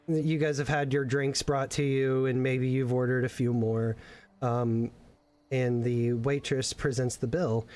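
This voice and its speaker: A man's voice: medium pitch, a little mellow. A man narrating as game master, rambling with many fillers and restarts.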